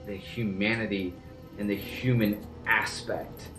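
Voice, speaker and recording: A man's voice: lowish voice, fairly even intonation, measured pace, roomy sound, distant mic, over music. A man giving an earnest, rambling, casual reaction to a film as a movie reviewer.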